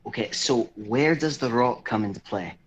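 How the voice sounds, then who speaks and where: A man playing a tabletop game, with goofy and excitable in-character banter. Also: medium pitch, moderate pace, a little hiss or hum. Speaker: player.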